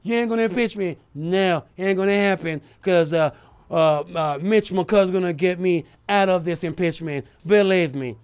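A man's voice: high-pitched, normal speed, clean tone, pitched below the performer's own voice, lightly acted. A man putting on a smug, boastful older male president who taunts and repeats himself. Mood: taunting.

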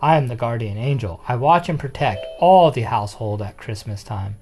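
A storyteller voicing a gentle but firm female guardian angel on a Christmas tree, speaking in a calm, measured, kindly stern way. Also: mid-range voice, lightly acted.

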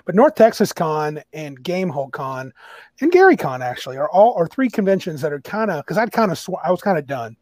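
A man chatting casually on a podcast, talkative and quick to laugh. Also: fairly high pitch, very animated, a little mellow, no echo, clean studio sound. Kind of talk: casual chat.

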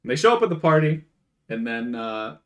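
A man co-hosting a relaxed podcast chat, recapping a film scene by scene. His voice sits in an ordinary middle pitch, and he keeps breaking into loud, animated impressions of the characters. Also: a little fast. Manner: animated, acts out quotes in raised voices. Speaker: podcast co-host. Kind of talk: casual chat, retelling a movie.

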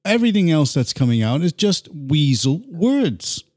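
A man's voice: on the high side, sing-song, normal speed, darkish tone. A man hosting a political talk show, earnest and indignant, reading headlines and inviting callers in. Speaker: host.

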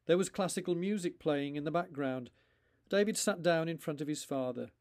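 Male author-narrator; deliberate, paused storytelling with a somewhat high voice. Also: darkish tone. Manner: slow, deliberate, with pauses between phrases. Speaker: author reading his own story.

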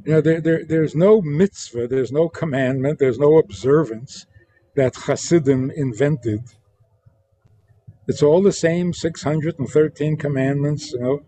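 Slow, mellow-voiced male religious teacher. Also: on the high side, a little hiss or hum. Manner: slow, deliberate, acts out quoted lines in different tones. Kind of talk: interview guest explaining teachings.

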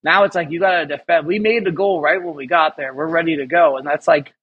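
A man's voice: fairly high pitch, fast talker, breathy edge, phone-quality sound. A man, a chef, chatting casually as an interview guest, rambling and swearing, laughing often. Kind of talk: casual chat.

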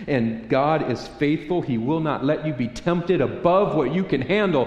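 Storytelling pastor in an echoing church hall. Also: male voice, medium pitch, normal speed, few pauses. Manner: storytelling, animated, acts out voices in quotes. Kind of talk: sermon. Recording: echoey hall reverb.

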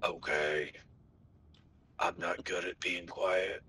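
A man playing a tabletop game, casual and dry in delivery, on low-quality home audio. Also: level tone, takes it slowly, pushed and bright, slight background noise. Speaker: player.

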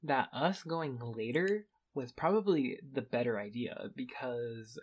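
A man's voice: mid-range voice, animated, measured pace, breathy edge. Young man, podcast co-host, casual easygoing storytelling. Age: young adult. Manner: laid-back, laughs things off. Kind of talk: casual chat.

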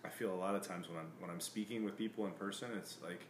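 Fast-talking low-voiced podcast host. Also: male voice, reverberant, a little hiss or hum. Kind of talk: casual podcast chat.

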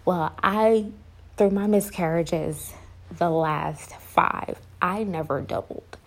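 A young woman telling a personal story to her viewers, halting with many fillers and restarts. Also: on the low side, poor audio. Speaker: vlogger.

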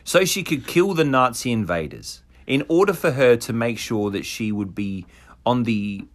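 A man's voice: mid-range voice, expressive, normal speed. A man hosting a podcast, reading a war story aloud with casual asides. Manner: reads narration with laughs and asides. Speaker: podcast host.

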